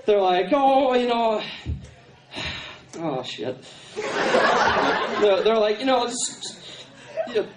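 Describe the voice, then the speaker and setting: A young adult man doing a stand-up routine in a halting, rambling way, full of fillers, on a university stage. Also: high voice, sing-song. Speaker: stand-up comedian. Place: university contest stage, live audience. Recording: echoey hall, distant camera, crowd, noise.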